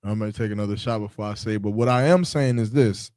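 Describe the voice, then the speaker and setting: A man's voice: on the low side, fast talker, darkish tone, no room sound, clean studio sound. A man co-hosting a podcast in casual chat, preaching his point and acting out the voices of the people in his stories. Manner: preachy, acts out quoted voices. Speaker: podcast co-host.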